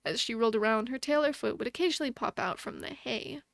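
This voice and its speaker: A young woman streamer reading a bedtime story aloud in a soft, motherly storybook voice. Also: on the high side, lively intonation, quick pace, vocal fry, dry recording, clean studio sound. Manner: chatty and thankful toward her viewers.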